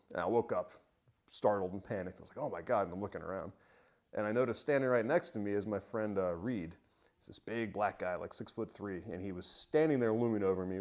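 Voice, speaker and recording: Man, low-ish pitch, storyteller; relaxed spoken ghost story, unpolished and halting. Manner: conversational, halting with frequent pauses and fillers.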